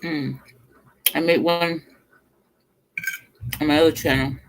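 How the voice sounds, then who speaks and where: A middle-aged home cook chats on a livestream while eating. The voice has a gravelly fry. Sentences drift off into murmurs over the food and break into laughter. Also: medium pitch, fairly even intonation, slow pace. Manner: chatty storyteller, laughs often; talks between bites, murmurs over food. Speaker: cooking vlogger.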